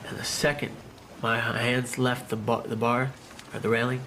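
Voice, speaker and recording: A man giving a personal testimony about surviving a suicide attempt, telling it in a halting, emotional way with many restarts. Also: mid-range voice, flat delivery, pushed and bright, slight background noise. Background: background music.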